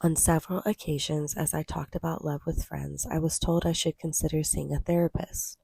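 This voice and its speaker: Gravelly, husky woman reading aloud. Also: low-pitched, flat delivery, normal speed, dark tone, no room sound. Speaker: audiobook reader. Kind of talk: scripted nonfiction reading.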